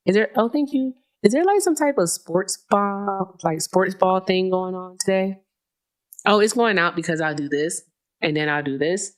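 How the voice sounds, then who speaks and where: A woman's voice: medium pitch, expressive, moderate pace. A woman hosting a live call-in stream, talking casually and chattily, swearing freely and often laughing, speaking into a headset mic. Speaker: livestream host. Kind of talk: casual livestream chat. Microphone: headphones with mic at a streaming desk.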